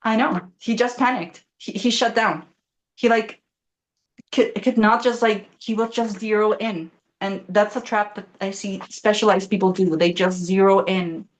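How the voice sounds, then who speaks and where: Young woman, guest in a casual chat, mid-pitched, rambling and full of fillers. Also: steady tone. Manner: fast, rambling, many fillers, swearing. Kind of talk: casual conversation, storytelling.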